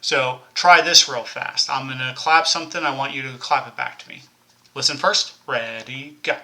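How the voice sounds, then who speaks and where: A man's voice: medium pitch, fairly even intonation, normal speed, vocal fry, sharp tone. A man teaching a recorded elementary music lesson, encouraging young children, counting them in and chanting rhythm syllables.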